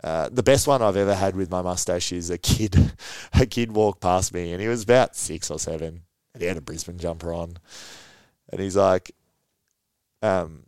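A man's voice: deep voice, normal speed, darkish tone, smooth, no room sound. A young Australian man, a footballer and podcast guest, telling stories in an easygoing way with frequent laughs. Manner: easygoing storyteller, laughs often, many fillers. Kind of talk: casual podcast chat.

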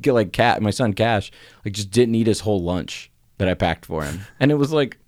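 A middle-aged man co-hosting a casual church podcast, telling stories with frequent laughter and jumping into a high voice when he acts out quotes. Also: normal speed, no room sound, studio quality. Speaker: podcast co-host.

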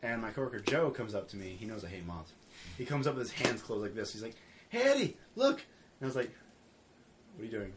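Fast-talking man telling a funny story. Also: on the low side, very noisy. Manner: animated storyteller, acts out his own and others' lines, filler-heavy. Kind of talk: casual chat among friends.

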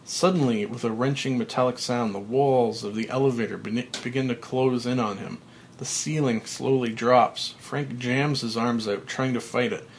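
Male podcast host, plain even read of stage directions, mid-range voice. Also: medium pitch, slight background noise. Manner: plain, even reading with small slips. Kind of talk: reading screenplay directions aloud.

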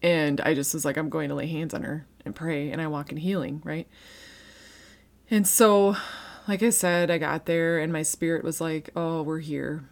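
A woman in her thirties speaks in a low, dusky voice, sharing a personal faith testimony. She talks earnestly and conversationally, stumbling over restarts and fillers, and her voice carries the strain of someone close to tears. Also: steady tone, moderate pace. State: emotional, near tears.

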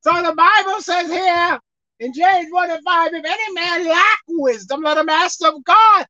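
High-pitched woman preacher, lively and bright, on a muffled recording. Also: measured pace, no room sound. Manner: animated, acts out pleading prayers, calls out to listeners. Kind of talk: sermon.

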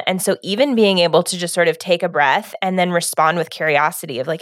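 Woman, lowish voice, reflective, casual advice talk, dry close sound. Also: fast, few pauses, no echo. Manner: reflective, uses "like" often. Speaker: podcast co-host.

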